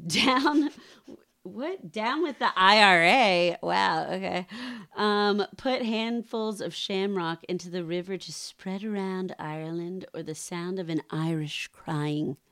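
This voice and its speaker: A woman's voice: fairly low pitch, a little slow, hardly any pauses, fairly bright tone, no room sound, clean studio sound. A woman co-hosting a casual podcast, running trivia questions and laughing often between remarks. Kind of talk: casual chat.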